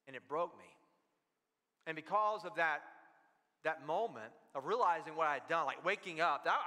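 A male pastor with a high, bright voice delivers an animated sermon full of personal storytelling. His words ring out with a long reverb from a church hall. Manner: animated, storytelling, repeats words when worked up. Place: church sanctuary.

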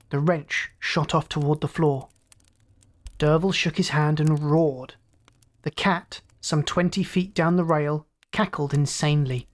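Calm storyteller narrating a tale. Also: medium pitch. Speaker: storyteller host. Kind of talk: scripted audiobook narration.

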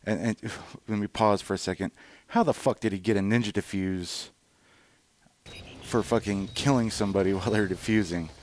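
A man's voice: on the low side, fairly even intonation, normal speed, a little mellow. A man casually commenting over gameplay footage, rambling and swearing freely, with lots of fillers and restarts. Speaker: gaming channel host.

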